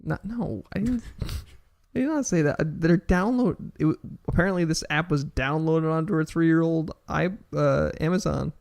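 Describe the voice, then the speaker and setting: Male co-host, gravelly, loose and profane casual banter. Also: a little high, normal speed, a little mellow. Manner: swearing, rambling, jokey. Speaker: podcast co-host. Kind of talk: casual chat.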